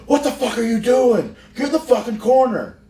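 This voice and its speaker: A furious veteran wrestler, as a man puts him on, shouts profane commands at a partner. His voice jumps high above the teller's own. It sounds roomy and picked up from a distance. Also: big pitch swings, moderate pace. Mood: yelling angrily. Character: furious veteran male wrestler barking orders.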